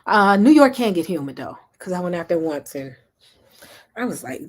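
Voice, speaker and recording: Rambling Memphis woman, low and lively. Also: moderate pace. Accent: Southern US (Memphis). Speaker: livestream host. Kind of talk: casual livestream chat reading comments.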